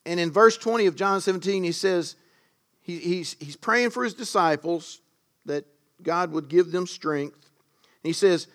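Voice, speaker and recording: A man delivers a sermon in a slightly higher voice, unhurried and deliberate. He punches the important words with a sudden lift in volume, then drops back into relaxed, conversational asides to his listeners. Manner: emphatic, rising to loud stresses on key words. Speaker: preacher.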